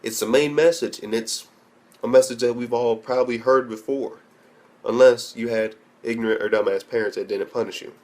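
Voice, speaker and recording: A young man rants in a video review, blunt and foul-mouthed. He rambles and restarts his sentences, with a medium-pitched voice. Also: steady tone, moderate pace, darkish tone. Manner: profane and blunt, heavy swearing. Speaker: anime reviewer.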